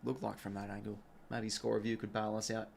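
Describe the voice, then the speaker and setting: A man's voice: fairly low pitch, little pitch movement, a little fast, vocal fry, slight background noise. An Australian man hosting a live football watch-along, talking in a casual, rambling and exasperated way, swearing now and then and reading out viewer donations.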